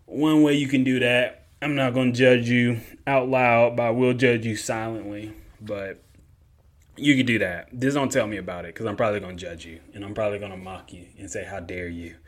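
Relaxed rambling male podcast host. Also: medium pitch. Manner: relaxed, rambling, repeats himself. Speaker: host answering listener questions. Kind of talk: casual Q&A podcast talk.

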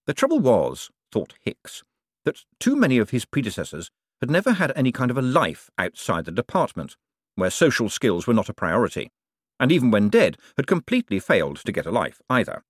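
A man reading an audiobook aloud in scripted narration, lively and expressive. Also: medium pitch, brisk, slightly rough, dry recording, studio quality.

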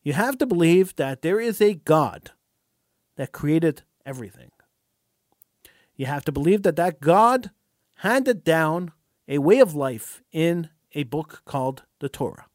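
A man's voice: on the high side, animated, measured pace, a little mellow, no room sound, clean studio sound. A man hosting a talk radio show, delivering an impassioned commentary monologue and often repeating words as he starts a phrase.

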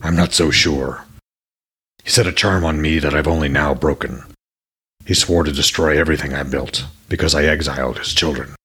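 A man's voice: rumbling low, steady tone, moderate pace, a bit bright, breathy edge, voice pushed down, exaggerated voice. A man voicing a troubled male king of the gods, speaking grimly and shaken in a storybook reading. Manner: grim, shaken.

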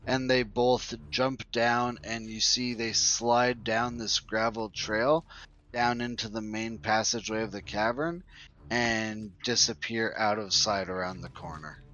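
A man running a tabletop game as dungeon master, narrating scenes and ruling on rolls in a relaxed, unhurried way. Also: lowish voice, lo-fi sound.

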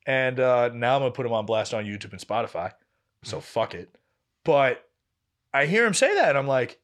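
A brisk, mid-range voice belongs to a young podcast co-host telling a story in casual conversation. He acts out the things others said with animation, laughs, and swears freely.

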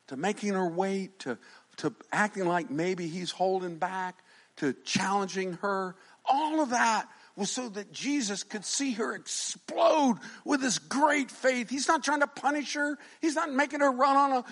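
Man preaching with shouts and quiet asides. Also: very high voice. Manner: jokes with the congregation. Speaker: pastor. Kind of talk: sermon.

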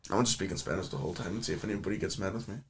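A man's voice: low-pitched, very fast, slight background noise. A young man co-hosting a podcast in casual, joking banter full of swearing. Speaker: podcast co-host. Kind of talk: casual chat.

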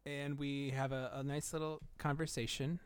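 Podcast co-host, male, smooth resonant voice, close dry mic, playful banter. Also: mid-range voice, level tone, moderate pace, dry recording. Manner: playful, riffs into jokey bits. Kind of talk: casual chat.

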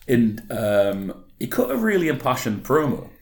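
A man's voice: medium pitch, very animated, normal speed, a little mellow, roomy sound. A man co-hosting a casual podcast chat, laid-back and sweary. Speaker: podcast co-host. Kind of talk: casual chat about wrestling.

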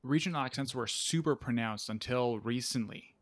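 A man's voice: medium pitch, normal speed. A man with a mid-range voice explains writing ideas in an easygoing chat. He often restarts his sentences as he thinks aloud. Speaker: podcast co-host. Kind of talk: casual chat about writing.

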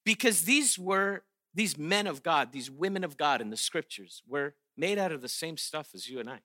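A man preaching a sermon, animated and playful, often restarting his sentences and acting out quotes with sarcasm. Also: on the high side, moderate pace, dry recording, studio quality. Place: chapel or auditorium.

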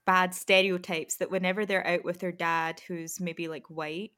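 A woman's voice: on the low side, flat delivery, normal speed, a bit bright. A young woman with a Scottish accent hosting a casual podcast chat, asking questions and laughing easily. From Scotland. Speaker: podcast host.

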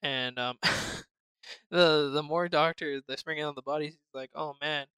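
A man co-hosting a casual podcast about a movie, retelling scenes in an animated way and laughing at the shocking parts. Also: fairly high pitch, normal speed, smooth, dry recording. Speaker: podcast co-host. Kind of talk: casual movie review chat.

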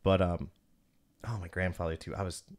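This podcast host, a man in his thirties, speaks at a normal pace in a low voice with little pitch movement. He tells personal stories in a casual style, swears often, and keeps calling people "dude."

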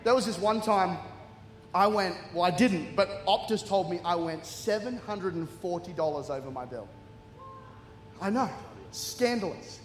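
Animated preacher in an echoey hall. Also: male voice, sits high, unhurried, long pauses, a little hiss or hum. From Australia. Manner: animated storytelling, acting out voices. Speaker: guest preacher. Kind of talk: humorous sermon. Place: large church hall. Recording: echoey hall, long reverb.

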